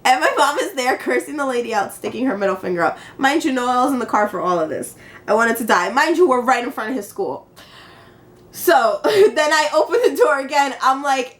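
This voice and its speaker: A woman's voice: high-pitched, lively intonation, brisk. A young adult woman vlogging casually into her phone. She tells an exasperating story with laughter and quoted back-and-forth. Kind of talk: casual chat. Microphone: handheld phone camera.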